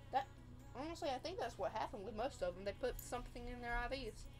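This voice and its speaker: Streamer, young woman, fairly high voice; rambling story that mimics other people's lines. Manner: rambling, acts out quoted dialogue. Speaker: livestream host. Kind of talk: casual personal storytelling.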